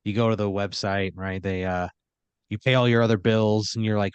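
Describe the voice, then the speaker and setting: Brief: male podcast host, low register, deadpan comic narrator, dry studio sound. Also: clear, resonant tone, no echo, dull audio. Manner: deadpan second-person narration with drawn-out phrases. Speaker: podcast host spinning a scenario. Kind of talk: improvised comedic storytelling.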